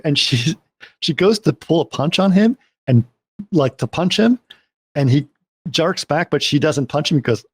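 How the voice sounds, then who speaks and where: A man's voice: a little high, lively intonation, normal speed, husky. Man animatedly retelling a film scene. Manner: retells scenes, acting out characters' lines. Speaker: podcast co-host. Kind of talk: casual film discussion.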